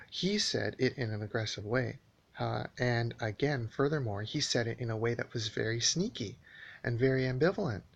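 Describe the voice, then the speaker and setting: A man's voice: medium pitch, vocal fry, a bit bright, dull audio. A man telling a long story in a casual spoken monologue, rambling and aggrieved, with many restarts and fillers.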